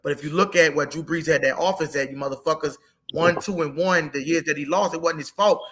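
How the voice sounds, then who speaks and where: A man's voice: fairly high pitch, fairly even intonation, a little fast, a bit bright. A man ranting heatedly about football in a casual sports talk, profane and emotional. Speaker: co-host.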